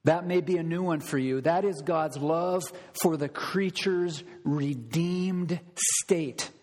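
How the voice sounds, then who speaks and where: A man's voice: on the high side, slow pace, darkish tone, long reverb tail. A male pastor preaching a sermon emphatically, repeating key phrases and putting questions to the congregation.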